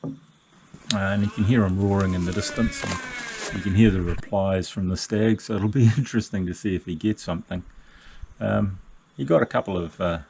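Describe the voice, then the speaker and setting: Older NZ bloke, lowish voice, rambling hiking vlog to action cam, lots of fillers. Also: male voice, normal speed, vocal fry, a little hiss or hum. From New Zealand. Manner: relaxed, rambling, many fillers. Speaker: solo hiker vlogger. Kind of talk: casual outdoor vlog narration. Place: backcountry hut and deck outdoors. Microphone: action camera.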